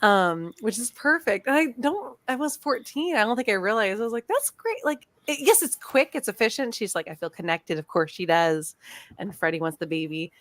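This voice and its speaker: A woman's voice: medium pitch, brisk, no room sound. A woman co-hosting a casual podcast, talking animatedly about horror movies and acting out characters' lines. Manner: animated, laughing, acts out quotes. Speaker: podcast co-host. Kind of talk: casual chat.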